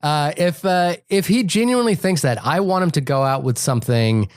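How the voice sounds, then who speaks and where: A man's voice: fairly high pitch, animated, moderate pace, no echo. A man co-hosting a movie podcast, talking casually and stumbling through many restarts and repeated words. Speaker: podcast co-host. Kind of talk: casual movie review chat.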